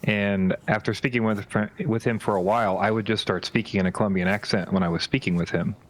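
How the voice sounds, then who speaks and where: A man's voice: on the low side, steady tone, quick pace. A man co-hosting a livestream, chatting casually with a loose, filler-heavy way of talking. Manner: chatty, with "like" and "you know" fillers. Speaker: livestream co-host.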